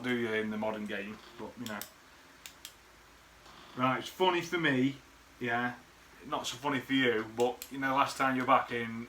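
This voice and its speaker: Guy, bright tense voice, rambling and sweary, faint background hiss. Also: mid-range voice. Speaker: friend recording a birthday message. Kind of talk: casual rambling reminiscence.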